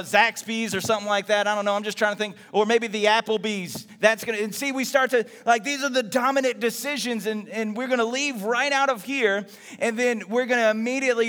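A man from Texas preaching a sermon in a conversational, animated way, acting out everyday voices. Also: high-pitched, big-room sound. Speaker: pastor.

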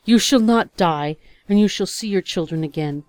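A woman's voice: lowish voice, normal speed, darkish tone, no echo, lightly acted. A woman voicing a tender-hearted male steward in a storybook reading, speaking earnestly and pleadingly.

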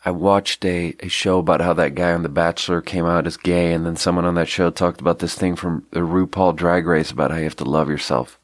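A man's voice: sits low, steady tone, a little fast, hardly any pauses, no room sound, clean studio sound. A man with a stuffy nose talking alone on his podcast in a rambling, reflective, self-deprecating way, with a slight South African slip in his accent. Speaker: podcast host. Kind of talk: casual solo podcast monologue.

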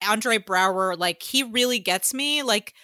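Bright, chatty woman podcast host. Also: medium pitch, a little slow, dry recording, studio quality. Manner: chatty, acts out reactions in quotes, frequent "like". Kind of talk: casual chat recapping a TV finale.

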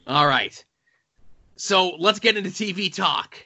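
This podcast co-host has a high-pitched, expressive voice that's bright and forceful, and he takes his time. He jokes around and rambles casually about comics and TV, full of fillers. The sound is dull and lo-fi.

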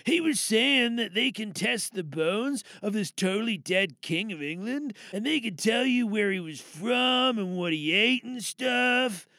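A man playing a slow-talking stoner surfer guy, lower and softer than his usual voice, gravelly, dry close sound, comedy audio play. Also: no echo, heavily acted. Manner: drawling, slangy. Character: laid-back stoner surfer dude, male.

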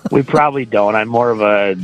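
A man's voice: fairly low pitch, fairly quick, low-quality recording. A man chatting on a casual podcast, joking at his own expense. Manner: chatty, self-mocking humor.

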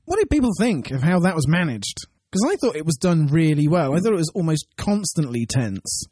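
A man's voice: fairly high pitch, big pitch swings, brisk, warm tone, slightly rough, dry recording, clean studio sound. A man co-hosting a podcast, talking through episodes in an analytical, wry way. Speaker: podcast co-host. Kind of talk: casual chat.

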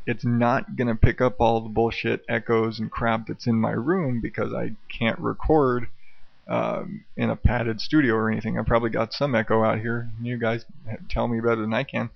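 A man's voice: mid-range voice, little pitch movement, normal speed, vocal fry, no echo, lo-fi sound. A man hosting his own podcast alone, rambling, swearing and joking at his own expense, recorded late at night at home through an old karaoke mic. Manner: rambling, profane, self-mocking. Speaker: podcast host. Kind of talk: casual solo podcast rambling. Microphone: old dynamic karaoke microphone.

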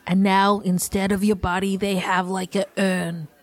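A woman's voice: mid-range voice, level tone, moderate pace. A woman in an improv comedy scene, hesitant and apologetic.

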